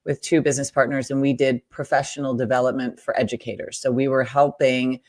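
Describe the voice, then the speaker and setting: An American woman, a guest on an interview podcast, talking in an upbeat, chatty way with quick restarts. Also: a bass voice, level tone, a little mellow, no room sound, clean studio sound. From United States. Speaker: guest, Profit First guide. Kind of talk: casual interview chat.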